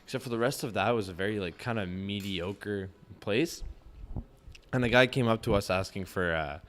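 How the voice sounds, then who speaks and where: A man's voice: on the low side, moderate pace, fairly bright tone, a little hiss or hum. A young man from Quebec with a Québécois French accent, a guest telling a travel story in casual chat, rambling with many fillers. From Quebec, Canada. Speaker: podcast guest, backpacker.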